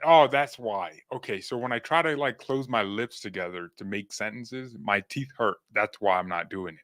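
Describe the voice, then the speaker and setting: A man hosting a football fan channel in a casual vlog, speaking with a lisp from new dental aligners, joking, rambling and excitable. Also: medium pitch, moderate pace, no echo, clean studio sound.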